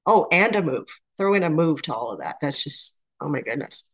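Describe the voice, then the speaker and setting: Low-pitched woman, supportive and effusive, dry close sound. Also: animated, a little fast, slightly rough, dry recording. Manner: warm-hearted, effusive. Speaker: meeting member sharing. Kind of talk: supportive share at a support meeting. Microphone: video call.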